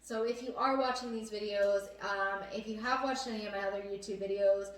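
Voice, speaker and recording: A woman's voice: medium pitch, fairly even intonation, fairly quick. A young adult woman hosting a casual chat, talking earnestly with many fillers. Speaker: host. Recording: echoey room, mic at a distance.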